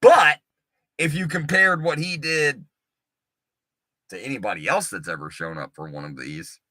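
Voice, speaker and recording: A man co-hosting a show, chatting casually in an animated, profane, rambling way. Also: fairly high pitch, moderate pace, no room sound. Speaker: podcast co-host. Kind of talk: casual chat.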